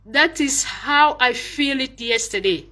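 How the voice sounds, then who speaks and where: High-voiced woman with a French accent. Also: measured pace, bright, forceful tone. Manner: hesitant, switches between English and French, many fillers. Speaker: vlogger speaking to a fellow live-streamer. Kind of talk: casual spoken message.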